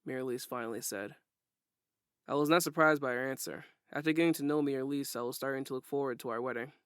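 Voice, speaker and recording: A man narrating a first-person audiobook in a steady, plain storytelling way. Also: medium pitch, quick pace, clean tone, no room sound, studio quality.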